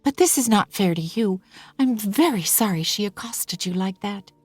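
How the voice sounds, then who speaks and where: A woman's voice: medium pitch, expressive, normal speed, a little mellow, breathy edge, no room sound, soft background music, pitched above the performer's own voice. A woman voicing an anxious young mother who talks in a fretful, plaintive way. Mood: worried.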